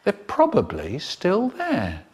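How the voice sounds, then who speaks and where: A man telling a comic story in an animated way, with sudden high bursts. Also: takes it slowly, a little hiss or hum. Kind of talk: comic storytelling, spliced clips.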